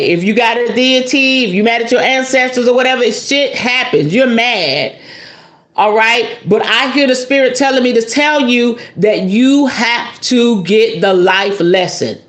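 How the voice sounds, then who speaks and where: A woman giving a spiritual tarot reading in a casual, animated, preachy way, with some swearing. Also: on the high side, roomy sound. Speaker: tarot reader.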